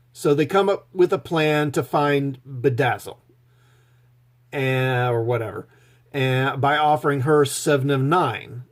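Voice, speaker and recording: A man recapping a TV episode in a casual, sarcastic, mocking tone. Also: on the high side. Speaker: show reviewer.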